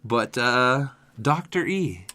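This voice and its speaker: A man's voice: mid-range voice, lively intonation, takes it slowly, a loud crowd. A young man co-hosting a podcast, telling funny workplace stories in casual chat and laughing as he acts out what people said. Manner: laughs through his storytelling, acts out quotes. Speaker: podcast co-host.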